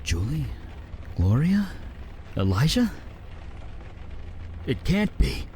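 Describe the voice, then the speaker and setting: An actor playing a shaken man in a game, speaking in halting, stunned bits. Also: medium pitch, big pitch swings, mellow, a little hiss or hum.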